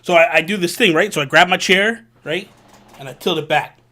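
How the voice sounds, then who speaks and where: A man hosting a vlog, telling a personal story in an animated, casual way with slang. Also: on the high side, a little fast, slight background noise. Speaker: vlog host. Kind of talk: storytelling to camera.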